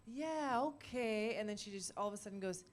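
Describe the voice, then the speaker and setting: A woman's voice: mid-range voice, flat delivery, very fast, slight background noise. A woman voice actor on a live panel, rambling casually and giggling.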